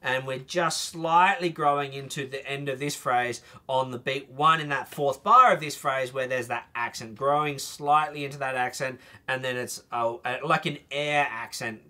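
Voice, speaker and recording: A man's voice: mid-range voice, moderate pace, hardly any pauses, bright, forceful tone. A man teaching a trumpet masterclass, explaining phrasing and singing short bits to demonstrate.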